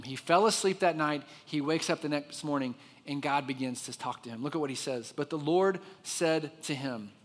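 A man preaching a sermon, telling the story with lively expression and dropping to a hushed voice for the quiet parts. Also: medium pitch, in a large hall. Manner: expressive storyteller, drops to a soft hush for quiet moments. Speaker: pastor.

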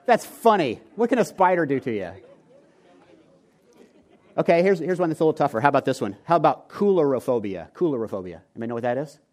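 Man, 40s, pastor; slightly high voice, conversational and joking sermon delivery to a live congregation. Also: big pitch swings, fast, a little mellow. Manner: joking, conversational, talks to the audience. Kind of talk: sermon with humorous storytelling. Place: church before a live congregation.

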